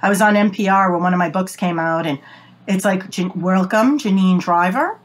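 Speaking over a video call from her home office, this Boston, USA woman is a body language expert appearing as an interview guest. She talks quickly and offers emphatic, animated advice in a voice of middling pitch for a woman that she herself describes as whiny and squeaky.

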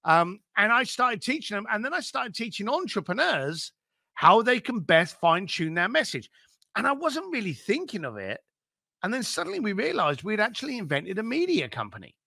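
A man being interviewed as an entrepreneur, giving blunt, energetic business advice and swearing casually. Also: sits high, normal speed, creaky, no echo, studio quality. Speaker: entrepreneur guest.

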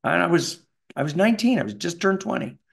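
A middle-aged Canadian man telling animated stories in an interview, acting out the people in them. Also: sits high, quick pace, gravelly. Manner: animated, does voices of people in his stories. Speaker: voice actor guest. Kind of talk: anecdotal interview storytelling.

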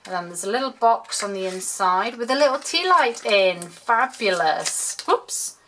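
Bright, gushing woman crafter. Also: mid-range voice, unhurried, low-quality recording. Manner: chatty, gushing and excitable. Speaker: crafter showing gifts. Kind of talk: casual craft vlog. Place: home room, road sweeper outside. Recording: faint street noise and paper crinkling.

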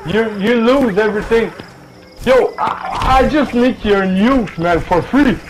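A man's voice: high-pitched, unhurried, over music, low-quality recording. A drunk man with a Quebec French accent, a native French speaker trash-talking another player in game voice chat, swearing and repeating himself. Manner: taunting, profane, repeats himself.

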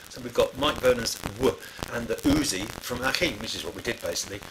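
A middle-aged man talks a little fast at medium pitch, spinning casual studio tales full of fillers and restarts. There's background noise behind him.

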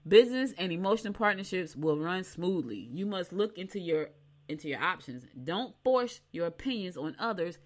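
Woman, middle-aged, casual chat, animated, low-pitched. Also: normal speed. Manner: chatty, animated storytelling. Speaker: morning show co-host. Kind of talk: casual chat reading horoscopes.

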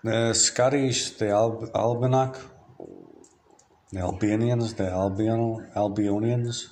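A man from Ireland speaks in a low, monotone voice, rambling through a diary-style monologue. He free-associates, sliding from one word to the next in a flat, matter-of-fact delivery. A faint hum of noise sits behind him. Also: slow pace. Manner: free-associating, drifts between words. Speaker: diarist.

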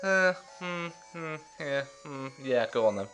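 A man's voice: fairly high pitch, expressive, a little slow, fairly bright tone, faint music behind. A man hosting a let's play, giving casual gameplay commentary with chatty, jokey, self-mocking asides.

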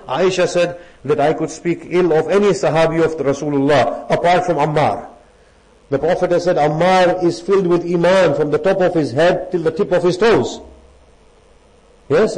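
A man giving a sermon as a lecturer, speaking emphatically, posing rhetorical questions and reciting Arabic verses rapidly. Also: a little high, darkish tone, rough recording. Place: religious centre.

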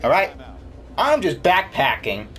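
Young male gamer, high and bright voice, excitable, complains out loud at the game. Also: a little slow, soft background music. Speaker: gaming YouTuber. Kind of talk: gameplay commentary.

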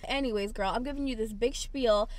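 A young woman chatting casually in a haul vlog, telling stories in an animated way. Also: fairly high pitch, a little fast. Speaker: lifestyle vlogger.

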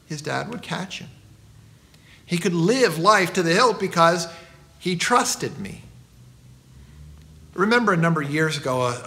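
A middle-aged man, a pastor, preaching a sermon and telling stories with a lively delivery. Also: on the high side, vocal fry.

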